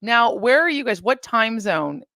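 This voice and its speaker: A woman's voice: on the high side, big pitch swings, measured pace, bright, forceful tone, no echo, clean studio sound. A woman hosting a casual livestream from her home, chatting straight to viewers and reading their comments aloud. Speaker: livestream host.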